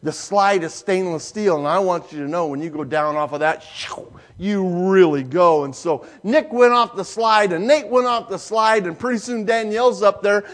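A male pastor preaching a sermon, telling a folksy family story with lively sound effects before drawing a lesson. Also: sits high, moderate pace, hardly any pauses.

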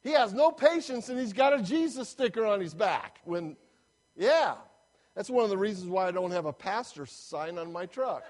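Man, pastor, lively sermon storyteller, voice a bit on the high side. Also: normal speed. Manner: animated storyteller, acting out voices of people in his story.

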